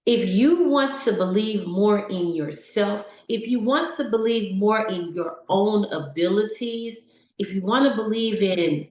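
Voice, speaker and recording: A woman gives an encouraging motivational talk to a live audience, asking question after question. She speaks slowly at a middling pitch. Her voice rings in an echoey room. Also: darkish tone. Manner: encouraging, conversational, asks many questions.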